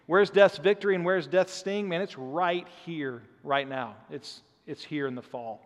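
A man in his thirties preaches a sermon in a rather high voice, speaking at an unhurried pace with few pauses. His manner is earnest and conversational, and he often slips "man" into what he says to the congregation. The recording carries a long hall reverb.

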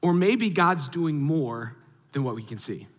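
A man in his thirties preaching a sermon as a pastor, telling a story with animated, acted-out reactions. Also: on the high side, measured pace. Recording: long hall reverb.

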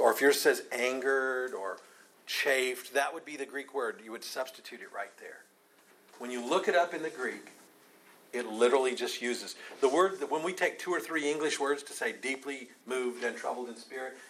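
A man's voice: medium pitch, fairly bright tone, slight background noise, low-quality recording. A man teaching a Bible study class, earnest and emphatic, taking questions from the group.

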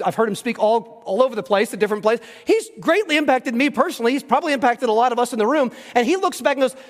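A man with a strikingly high voice preaches a sermon to his congregation. He tells stories earnestly, stumbling and restarting as emotion creeps in. The sound carries a long reverb from a large sanctuary. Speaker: pastor. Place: church sanctuary.

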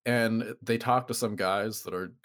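A man's voice: lowish voice, unhurried. A man co-hosting a podcast, chatting casually and critically about a film and mocking the people in it. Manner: animated, critical, quotes people with mocking voices. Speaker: podcast co-host.

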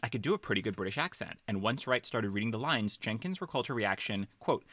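A man's voice: fairly low pitch, expressive, fast, fairly bright tone, no room sound. A man hosting a casual film podcast, reading quotes aloud with flair as he tells a behind-the-scenes story. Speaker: podcast host.

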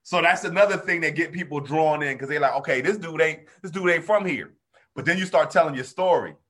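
A comedian talking shop in a relaxed conversation, his voice bright and a little high. He tells stories with animation and slips into the voices of the crowd. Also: fairly quick. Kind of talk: casual chat.

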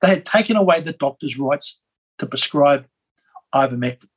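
Australian man, husky voice, fairly high pitch, rambling animated storytelling, lots of ums and restarts. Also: moderate pace, low-quality recording. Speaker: interview guest, former member of parliament. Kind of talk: conversational storytelling.

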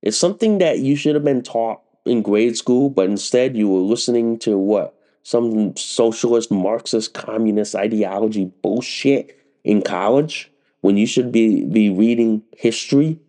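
A man's voice: lowish voice, unhurried, dark tone. A man hosting a political podcast, ranting in a heated, profane, repetitive way while getting over a head cold.

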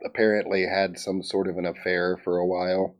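Male podcast co-host, slightly low voice, wry deadpan delivery. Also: fairly quick. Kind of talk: casual chat.

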